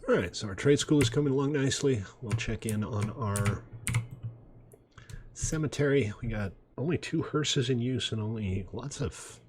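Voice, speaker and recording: A man casually commenting on his city-building game as he plays, relaxed and chatty with self-deprecating asides. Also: mid-range voice, normal speed, a little hiss or hum. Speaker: gaming video host. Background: faint mouse clicks and typing.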